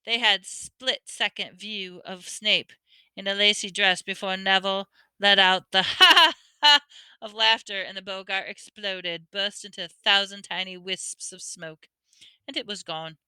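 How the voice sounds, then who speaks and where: A woman's voice: medium pitch, fairly even intonation, measured pace, sharp tone, smooth, no echo. A woman reading a novel aloud, often stumbling over words and correcting herself. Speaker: audiobook reader.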